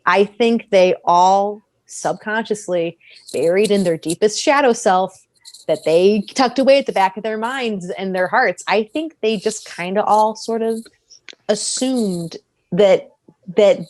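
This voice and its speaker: A woman talking casually on a podcast, animated, often laughing and acting out characters' lines with sudden jumps in pitch. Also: measured pace, no echo. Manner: animated, acts out characters' lines mid-sentence; frequent laughter and restarts. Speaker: podcast guest.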